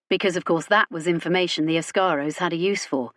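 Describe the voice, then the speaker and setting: Narrator: woman, lowish voice, wry even delivery, dry close recording. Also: a little fast, hardly any pauses, no room sound. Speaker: audiobook narrator. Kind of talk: scripted narration.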